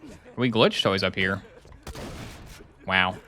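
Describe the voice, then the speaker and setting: A man's voice: low voice, slow pace, pushed and bright. A young man streaming a game live, chatting casually and joking with his chat while he plays. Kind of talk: live gameplay commentary.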